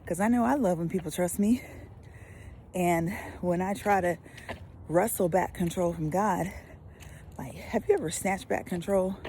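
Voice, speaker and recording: Animated woman preacher, gravelly low voice. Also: measured pace, long pauses, a little hiss or hum. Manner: animated, swings from loud emphasis to whispers. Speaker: pastor. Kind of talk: lively devotional teaching.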